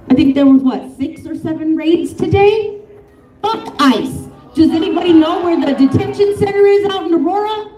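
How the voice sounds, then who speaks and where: Fiery, high-voiced woman at a rally. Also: darkish tone. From Colorado. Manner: fiery, profane, off-the-cuff, laughs between lines. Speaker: rally speaker. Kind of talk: impassioned protest speech. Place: outdoor protest rally. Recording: echoey, from a distance.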